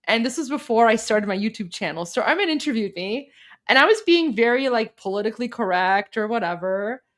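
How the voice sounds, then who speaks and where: A woman's voice: a little high, lively intonation, brisk, fairly bright tone. Chatty young woman hosting a livestream. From Iran. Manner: chatty, with frequent fillers and restarts. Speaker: livestream host. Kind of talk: casual livestream chat.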